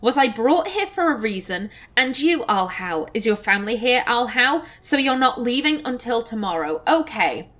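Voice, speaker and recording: A woman's voice: fairly high pitch, a bit bright. A woman doing casual let's play commentary, chatty and thinking aloud as she plays.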